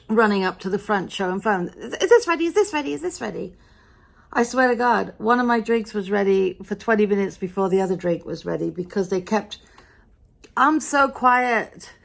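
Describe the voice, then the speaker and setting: Tired and slightly exasperated, a middle-aged Englishwoman from Britain vlogs about her day, a chatty storyteller full of grumbling and wry asides. Her voice is mid-range and creaky.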